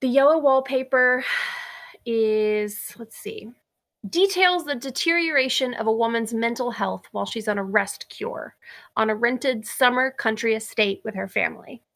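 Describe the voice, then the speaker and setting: A woman's voice: on the high side, measured pace, a bit bright. A young woman co-hosting a podcast, chatting candidly and laughing easily as she talks about a story she picked. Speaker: podcast co-host. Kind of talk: casual chat.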